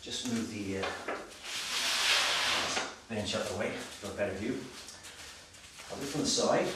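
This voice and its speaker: A slightly breathless male personal trainer demonstrating exercises, giving brisk, direct coaching with frequent check-ins. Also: fairly low pitch. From Wales. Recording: very echoey, distant, noisy room sound.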